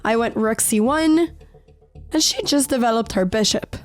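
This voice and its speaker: A woman with a fairly high voice tells the story of her chess game in a calm, measured voice-over. She is slightly sick, and her voice cracks now and then. Soft music plays faintly behind her. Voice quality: occasional voice cracks. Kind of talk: reflective voice-over narration.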